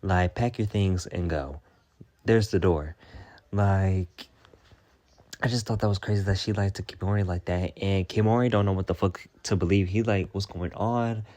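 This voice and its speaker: A man's voice: low-pitched, steady tone, moderate pace, warm tone. A man ranting through a storytime vlog, profane and exasperated, firing off rhetorical questions. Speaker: storytime vlogger. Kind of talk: casual storytime rant.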